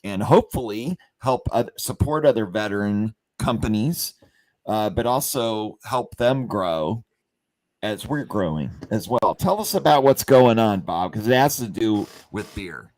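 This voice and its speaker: A man's lively, slightly slow, somewhat mellow voice carries a rambling story on a company livestream. Chatting casually with many fillers and restarts, he voices the quotes with large pitch jumps.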